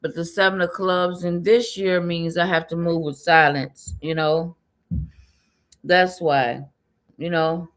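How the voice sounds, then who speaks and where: A woman's voice: fairly low pitch, fairly even intonation, slow. A woman giving a casual spiritual reading, rambling and repetitive, often laughing and muttering to herself. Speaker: tarot and numerology reader.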